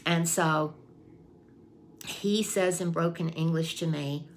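A woman tells a personal story to her camera in a low, gravelly voice, taking her time. She is chatty and repeats phrases as she acts out what she thought back then. A faint hiss sits under the recording. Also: steady tone, measured pace. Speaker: vlogger. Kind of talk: casual storytelling.

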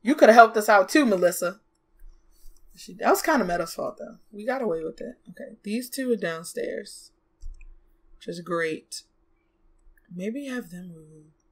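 A young woman giving casual let's play commentary, chatty and exclamatory, bossing her game characters around out loud and gasping and laughing easily. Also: medium pitch, expressive. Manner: chatty, scolds and coaxes the game characters aloud; exclamatory, quick to gasp and laugh. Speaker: gaming YouTuber.

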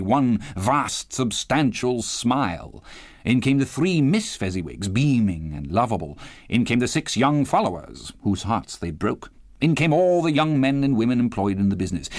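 A man reading a classic novel aloud as an audiobook narrator, with expressive, varied delivery. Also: mid-range voice, dry recording, clean studio sound. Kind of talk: scripted narration.

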